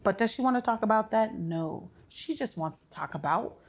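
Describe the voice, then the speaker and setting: A woman playing an older, sick father who is gruff, crude and wry, telling blunt, profane stories in a stage play. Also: medium pitch, animated, normal speed. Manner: blunt, sardonic, profane storytelling.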